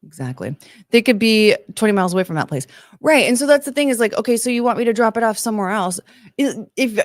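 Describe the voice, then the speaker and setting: A woman's voice: medium pitch, dry recording, studio quality. A young adult woman hosting a podcast, ranting in casual commentary and reading chat, with lots of fillers. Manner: chatty, exasperated, ranting with many fillers. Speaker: podcast host.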